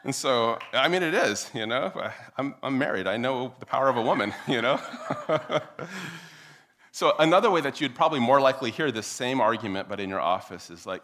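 Bright-voiced man giving a persuasive talk. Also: brisk. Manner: animated, mocks opponents in exaggerated high voices. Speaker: speaker addressing an audience. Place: room with a live audience.

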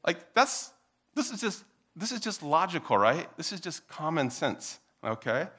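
A man speaks to a roomful of listeners in a bright, forward voice, arguing his case with lively energy. He often mimics opposing views in exaggerated high-pitched voices. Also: measured pace, breathy edge. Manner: animated, mocks opponents in exaggerated high voices. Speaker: speaker addressing an audience. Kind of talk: persuasive live talk. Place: room with a live audience.

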